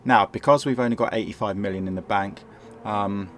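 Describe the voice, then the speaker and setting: A man with a sore throat and a croaky voice, rambling and correcting himself as he casually talks through a management game at home. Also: lowish voice, fairly even intonation, fairly quick, slight background noise. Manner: rambling, self-correcting, chuckles often. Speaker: gameplay commentator. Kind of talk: casual game walkthrough commentary. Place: home, indoors.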